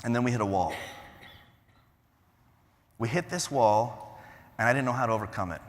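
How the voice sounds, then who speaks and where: A man giving an energetic keynote at a conference, quizzing the audience and swinging from loud bursts to hushed asides. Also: medium pitch, normal speed, a little hiss or hum. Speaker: motivational conference speaker. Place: large conference hall, on stage. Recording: echoey conference hall.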